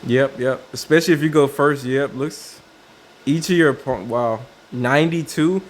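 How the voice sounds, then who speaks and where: A man's voice: mid-range voice, moderate pace, slight background noise. A man casually commenting on a card game's new cards, thinking aloud with many fillers and restarts. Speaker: card game video creator.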